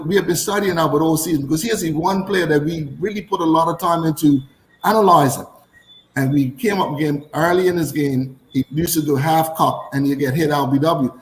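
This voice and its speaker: A man, once a cricketer, telling lively anecdotes and repeating himself for emphasis. His voice sits a little high for a man. The room gives it a noticeable echo, with a faint hum behind. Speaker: former cricketer. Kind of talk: casual storytelling chat.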